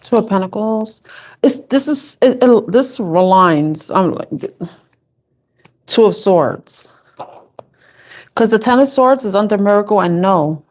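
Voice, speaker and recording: A chatty woman reading tarot for her viewers in a loose, casual way. She laughs easily and thinks out loud, often restarting her sentences. Her voice sits at an ordinary middle pitch. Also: expressive, measured pace, pauses often. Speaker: tarot reader.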